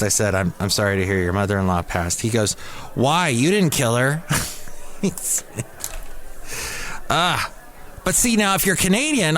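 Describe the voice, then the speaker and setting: A man hosting a casual solo podcast, rambling and exasperated, now and then mimicking other people in a high squeaky voice. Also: a bit bright. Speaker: podcast host. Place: cafe.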